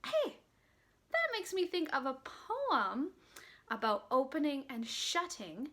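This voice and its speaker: A woman teacher leading a playful children's phonics lesson, singing songs and slowly sounding out words. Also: sits high, very animated, pushed and bright.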